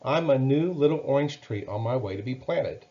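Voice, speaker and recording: A man's voice: mid-range voice, expressive, moderate pace, warm tone, recorded from a distance, highs cut off, lightly acted. A man voicing a friendly, easygoing young orange tree in a storybook.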